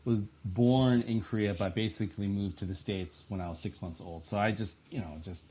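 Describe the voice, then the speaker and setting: Deep, steady, a little fast and a little mellow, this guest artist's voice belongs to a thirtysomething man from central New Jersey, US. In the casual interview he's talkative and meandering, full of fillers and frequent laughs.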